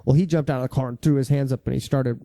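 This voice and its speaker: Male podcast host, gravelly and dark, swears freely while spinning casual patrol stories. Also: medium pitch, very fast, dry recording, clean studio sound. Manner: profane, animated anecdotes with "you see what I'm saying". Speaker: podcast host, former police officer. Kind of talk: casual conversational storytelling. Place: studio.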